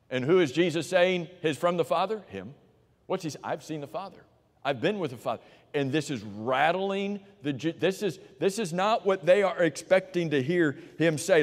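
A man preaching a sermon, walking listeners through verses with rhetorical questions and sinking to a quiet voice for emphasis. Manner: drops to a low, quiet voice for emphasis. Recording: long reverb of a large hall.

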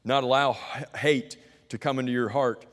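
A man preaching a sermon, asking the congregation rhetorical questions and swinging from loud emphasis to quiet, low delivery. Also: steady tone, moderate pace. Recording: long hall reverb.

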